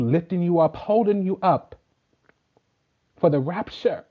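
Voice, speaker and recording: A man's voice: high voice, lively intonation, measured pace. A man who works as a spiritual teacher gives a casual sermon, emphatic and profane, preaching in rhythmic lists. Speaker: spiritual teacher and tarot reader. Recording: dull lo-fi recording.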